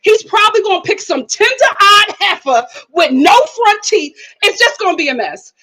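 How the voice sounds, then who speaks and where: This is a woman with a very high, bright voice that swoops up and down as she reacts live to a show. She talks bluntly and exclaims often, going back and forth with her chat as a streamer. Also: sing-song, moderate pace, low-quality recording. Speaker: YouTube host.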